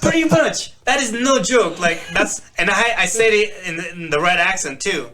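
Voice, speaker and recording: A man in his forties from the Philippines, with a slight Filipino accent, co-hosts a casual podcast, telling animated stories and laughing often. His voice sits high and moves at a moderate pace over a noisy crowd.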